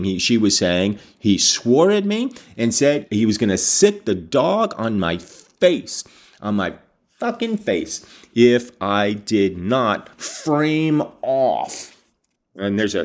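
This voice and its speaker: A man reading a novel aloud, breaking off to explain passages and react with casual, sometimes profane comments. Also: fairly low pitch. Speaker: audiobook reader.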